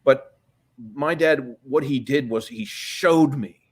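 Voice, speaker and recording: Older male guest, rambling anecdotes, swears a lot, mid-pitched. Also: slow, breathy edge. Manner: profane, rambling, restarts often. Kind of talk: storytelling interview.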